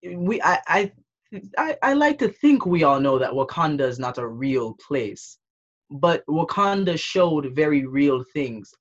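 A young man from the Caribbean talking through his thoughts in a casual discussion, pausing and restarting as he goes. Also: on the high side, very animated. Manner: reflective, thinking aloud with restarts. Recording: dull, muffled audio.

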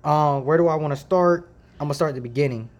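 Hosting a casual faith podcast monologue from a makeshift home setup, a man from Ohio talks quickly in a higher voice, rambling, chatty and full of relaxed slang before circling back to his point. A decent home mic picks him up close.

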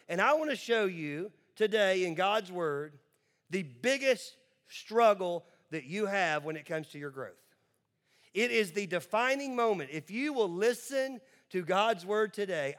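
A male pastor with a somewhat high voice delivers a sermon to a congregation. He is emphatic and switches between quick asides and slowly stretched words. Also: a bit bright.

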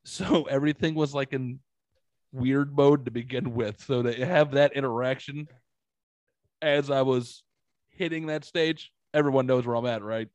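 This is a man with a mid-pitched voice, chatting on a casual podcast and telling stories with lively, animated energy. He swears freely. The recording is dry and close, with no room echo. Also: normal speed. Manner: animated storytelling, swears a lot. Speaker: podcast host.

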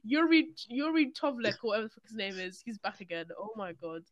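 A young man, co-hosting a casual podcast chat, animated and sweary as he tells stories. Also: high-pitched, fast, no room sound. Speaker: podcast co-host.

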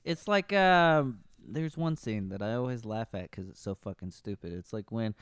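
A man's voice: lowish voice, animated, moderate pace, a bit bright, smooth, dry recording. A man co-hosting a podcast, chatting casually and sarcastically about a movie, swearing and laughing often. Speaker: podcast co-host. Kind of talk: casual movie review chat.

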